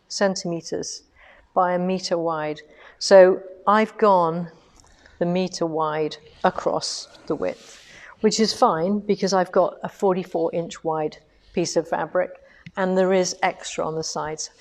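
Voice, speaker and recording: A woman's voice: lowish voice, unhurried. A woman running a live quilting demonstration from an indoor studio, explaining each step in a chatty, practical way. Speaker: quilting instructor.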